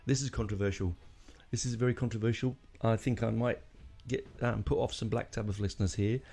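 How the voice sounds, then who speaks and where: Gravelly, dark-voiced rambling man. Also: fairly low pitch, steady tone, fairly quick. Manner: rambling, emotional, many fillers and restarts. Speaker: podcast host. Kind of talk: casual music podcast monologue.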